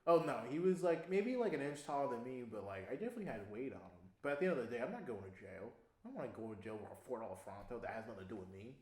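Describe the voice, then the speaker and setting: A young man casually telling a long story on a podcast, animated, laughing often and swearing freely. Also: mid-range voice, very fast, few pauses. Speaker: podcast co-host. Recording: echoey room.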